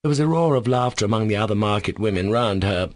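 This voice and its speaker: A man reading an audiobook in steady, even narration on a close microphone. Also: lowish voice, fast, dry recording. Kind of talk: scripted narration.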